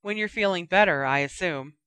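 An earnest, clever teenage girl speaks in a brisk, serious way, as the reader puts her on. The voice is bright and crisp, read close to the mic in a dry room. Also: mid-range voice, no echo, natural voice.

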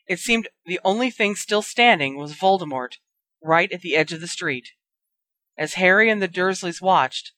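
A storyteller reads a fantasy story aloud, steady and dramatic in pacing. The voice is bright and forward, recorded close and dry with no room sound. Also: medium pitch, no echo. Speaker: narrator. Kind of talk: reading a fan fiction story aloud.

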